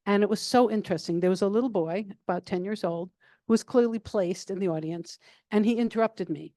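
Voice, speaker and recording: An older woman answering questions in a calm, even, conversational way, with plenty of "um" and "you know." Her voice is mellow and warm, and the sound is close and dry, with no room around it. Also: medium pitch, a little fast, no echo. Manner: calm, level, chatty with many fillers. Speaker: guest speaker. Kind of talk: casual Q&A answers.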